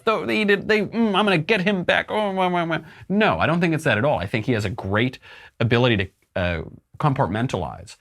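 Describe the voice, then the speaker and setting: A man giving casual spoken commentary in an animated, conversational way with emphatic asides. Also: lowish voice. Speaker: political commentator.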